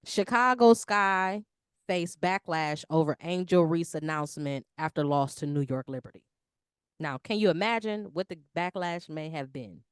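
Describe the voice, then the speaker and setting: A woman co-hosting a casual sports talk show, lively and full of slang. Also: lowish voice, normal speed, smooth, no echo, studio quality. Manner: animated, slangy, lively talk about basketball. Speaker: podcast co-host.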